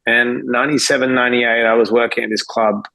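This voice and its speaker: Male podcast cohost. Mid-range voice, thoughtful and halting recollection. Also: mid-range voice, steady tone, vocal fry, sharp tone, poor audio. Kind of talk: casual interview chat.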